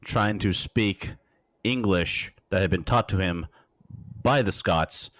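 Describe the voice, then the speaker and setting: Low voiced guy on a podcast, wry jokes, dry close mic. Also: slow pace, fairly bright tone, no room sound. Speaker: podcast co-host. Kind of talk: casual chat.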